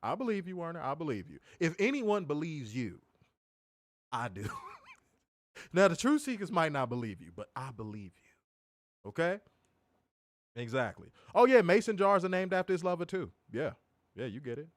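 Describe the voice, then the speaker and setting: A man's voice: a little high, normal speed, long pauses, no echo. Podcast guy ranting and roasting, voice jumping all over, dry close mic. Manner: animated, profane, teasing ranting. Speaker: co-host of a wrestling review show. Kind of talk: casual podcast chat.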